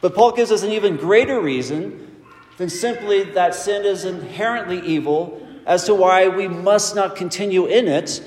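A man preaching a sermon, emphatic and measured, leaning hard on key phrases. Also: sits high, a little mellow. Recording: echoey hall with long reverb.

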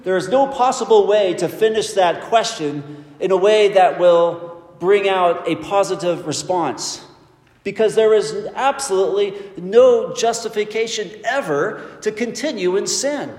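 A man delivers a sermon in a measured, emphatic way, drawing out the key words. His voice sits high for a man, and it rings through a large hall with a long, roomy reverb. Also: expressive, a little mellow. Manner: emphatic, measured preaching with slow stressed phrases. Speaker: preacher.

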